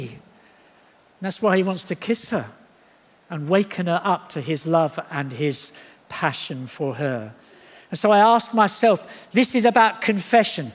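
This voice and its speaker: Preaching a sermon in a church hall, a man whose voice sits high for a male speaker keeps things animated and jokey, acting out the voices he quotes. He speaks unhurriedly, and a long reverb trails after his words.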